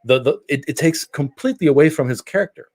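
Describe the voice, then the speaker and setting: A middle-aged man from Germany, telling stories in a casual podcast chat, animated and prone to restarts. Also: a little high, fast. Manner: animated storyteller with frequent restarts. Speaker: podcast co-host.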